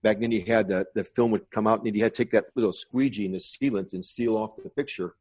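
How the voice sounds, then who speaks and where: A man's voice: lowish voice, fairly even intonation, fast, darkish tone, husky. A man in his sixties from the United States, a podcast guest telling long rambling stories about his past. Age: 60s. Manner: rambling reminiscing storyteller. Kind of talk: casual interview.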